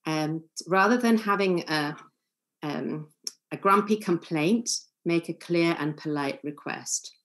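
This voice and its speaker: A woman giving a calm, earnest seminar lecture as a family therapist, acting out short example lines. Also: sits low, takes it slowly.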